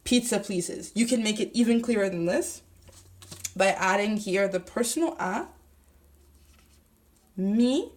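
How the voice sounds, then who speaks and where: A young woman teaching a grammar lesson, talking slowly and deliberately while writing on a board and spelling things out. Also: medium pitch, darkish tone. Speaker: Spanish teacher.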